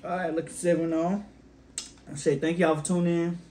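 A man's voice: fairly high pitch, flat delivery, a little fast, mellow. A young man hosting his own casual cooking vlog, laid-back and talking straight to his viewers while he tastes his food. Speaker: cooking vlogger.

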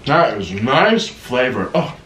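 Excitable man chatting while eating. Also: mid-range voice, takes it slowly. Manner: excitable, gasping and moaning between bites. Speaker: mukbang host. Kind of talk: casual eating vlog chat. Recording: echoey room with faint noise.

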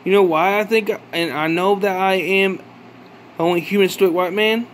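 A man giving an angry, profane vlog rant, accusing and questioning with halting restarts. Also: high voice, steady tone, fairly bright tone, slight background noise. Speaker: vlogger. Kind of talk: angry ranting monologue.

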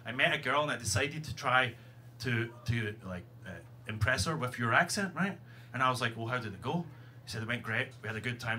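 A man's voice: medium pitch, bright, forceful tone. A Scottish man doing a stand-up comedy set, wry, self-mocking, brash and profane. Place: comedy club stage, live audience. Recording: live club recording with audience noise.

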